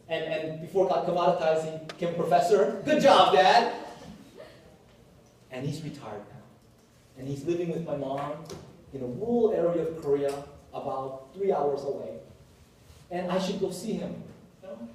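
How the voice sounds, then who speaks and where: Male professor, lively lecturer with jokes, slightly high voice, booming echo, distant mic, faint background hiss. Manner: animated storytelling, jokey asides. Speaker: university professor. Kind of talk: classroom lecture. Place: lecture hall. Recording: echoey hall, picked up from afar.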